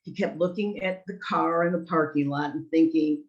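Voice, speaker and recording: A woman's voice: low voice, moderate pace, highs cut off. A woman social worker giving a reflective, conversational webinar talk over a video call. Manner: reflective, conversational, with personal anecdotes. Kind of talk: presentation to an online audience.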